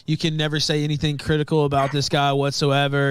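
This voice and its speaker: A man's voice: a little high, completely flat delivery, fast talker, slight background noise. A man streamer complaining in an aggrieved, rambling and profane way.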